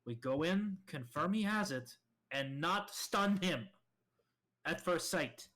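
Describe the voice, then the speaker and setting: Halting man playing a tabletop game. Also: fairly high pitch, expressive, fairly bright tone. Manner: halting, hesitant planning. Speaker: player. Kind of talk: casual tabletop game talk.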